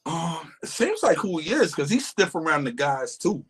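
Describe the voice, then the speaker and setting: A man in a relaxed, casual conversation. He talks in an easygoing way and sometimes acts out upbeat voices. His delivery stays loose and conversational throughout. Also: normal speed, husky. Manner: laid-back, acts out voices going high and upbeat. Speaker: co-host guest. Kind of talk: casual chat.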